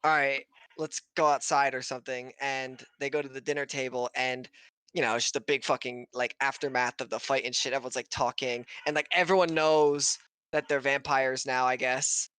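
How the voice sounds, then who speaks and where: Bright-voiced guy rambling a recap. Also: medium pitch, level tone, clear, resonant tone, no echo. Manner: swearing, laughing, acting out characters in quick voices. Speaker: podcast co-host recapping an episode. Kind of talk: casual chat, recap. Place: home setup on a stream.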